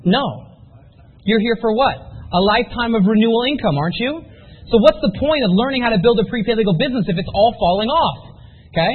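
Male seminar speaker, fast and pushy, quizzing the crowd; tinny lo-fi capture. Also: very high voice, husky. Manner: energetic, rhetorical, quizzes the audience. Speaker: motivational business speaker. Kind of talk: live sales seminar pep talk.

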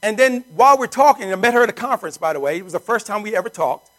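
High-voiced energetic male sales presenter. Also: rapid-fire, low-quality recording. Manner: energetic, keeps asking the crowd rhetorical questions. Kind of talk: sales pitch to a live audience. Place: meeting room with guests.

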